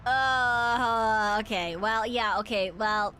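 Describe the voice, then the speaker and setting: A woman's voice: on the high side, slow, pushed and bright, a little hiss or hum. A woman VTuber streaming a game, chattering to herself in a giggly, rambling way and swearing freely. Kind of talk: casual gaming livestream chatter.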